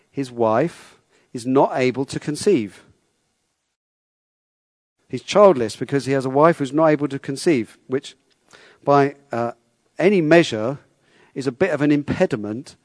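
A man's voice: medium pitch, a little mellow, dry recording. A man preaching a sermon in a conversational way, often repeating words and asking his listeners questions.

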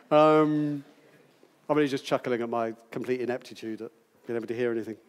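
A man's voice: medium pitch, level tone, moderate pace, smooth, long reverb tail. A man in his sixties, possibly from Britain, teaching a Bible passage to a group in a chatty, playful way, quizzing his listeners as he goes. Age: 60s.

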